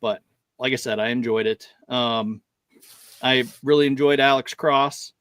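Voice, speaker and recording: A man's voice: mid-range voice, fairly even intonation, a little slow, fairly bright tone, dry recording, clean studio sound. A man co-hosting a podcast in casual chat, rambling along, laughing often and acting out lines he quotes. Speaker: podcast co-host.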